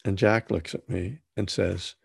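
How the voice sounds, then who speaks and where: A man's voice: low-pitched, fairly even intonation, a little slow, gravelly, husky, no room sound, studio quality. A man, an author, telling a personal story in a casual, rambling, self-deprecating way with many restarts.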